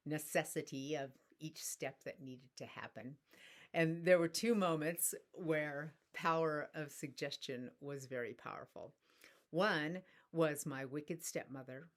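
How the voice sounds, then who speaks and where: A middle-aged woman telling a personal story in a soft-spoken, reflective spiritual talk. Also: low-pitched. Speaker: spiritual teacher.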